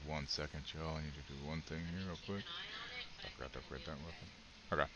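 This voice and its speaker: A man's voice: extremely low pitch, a little fast, highs cut off, noisy background. A man chatting casually on a live game stream, rambling and swearing freely. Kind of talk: casual live gameplay chat.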